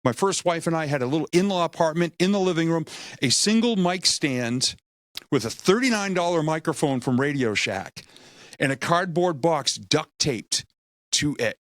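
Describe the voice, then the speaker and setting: A middle-aged man giving a humorous, energetic motivational talk, acting out quotes as he tells stories. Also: a little high, normal speed, no room sound. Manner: energetic, animated storytelling with acted-out quotes; humorous, self-deprecating. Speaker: motivational speaker.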